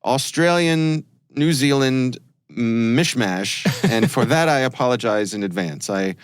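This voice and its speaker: A man hosting a podcast, laid-back and quick to laugh, with dry quips. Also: medium pitch, clear, resonant tone, dry recording. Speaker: podcast host. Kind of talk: casual chat.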